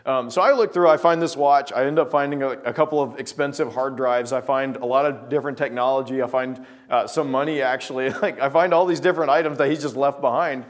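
A man telling a personal story with lively acted-out scenes, then drawing a devotional lesson from it. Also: medium pitch, quick pace, few pauses. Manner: lively storyteller, acting out scenes, often restarting words. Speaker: speaker telling a story to make a life lesson. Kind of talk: anecdote-driven devotional talk.

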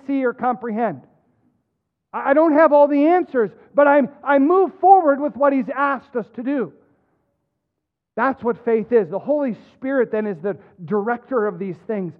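High-voiced pastor preaching over tinny audio. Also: male voice. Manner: earnest, halting with repeated restarts. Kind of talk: sermon. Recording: tinny phone-like sound.

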